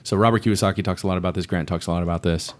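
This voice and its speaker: A man with a very low, deep voice, chatting as a podcast guest. He sounds loose and slangy, tossing in dude and bro as he explains things. It is a casual, easygoing conversation. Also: fairly even intonation, very fast. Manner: laid-back and slangy, says dude and bro. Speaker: guest, real estate investor.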